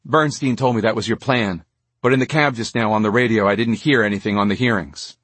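A man's voice: on the low side, a little fast, a bit bright, breathy edge, no echo. A man voicing an eager, confiding male journalist friend.

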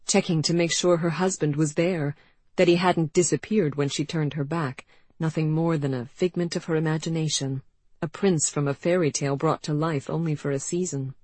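An audiobook narrator reading a period novel in a measured, expressive way. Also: mid-range voice, no room sound. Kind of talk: scripted narration.

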